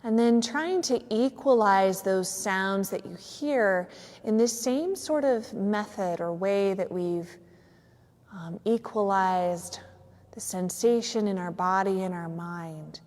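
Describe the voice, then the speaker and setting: A woman yoga teacher gently and slowly guiding a yoga nidra relaxation in a studio, with a few fillers. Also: mid-range voice, in a large hall. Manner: soft, slow, soothing guidance with some fillers. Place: yoga studio on a cold evening.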